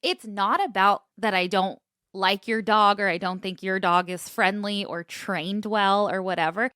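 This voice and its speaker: A woman co-hosting a podcast, telling stories in casual chat, animated and swearing freely as she acts out what people said. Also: mid-range voice, unhurried, clean tone, dry recording, studio quality. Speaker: podcast co-host.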